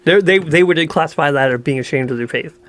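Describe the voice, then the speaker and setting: A man's voice: a little high, fast, fairly bright tone. A man co-hosting a podcast, talking bluntly and profanely in casual chat, laughing often. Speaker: podcast co-host.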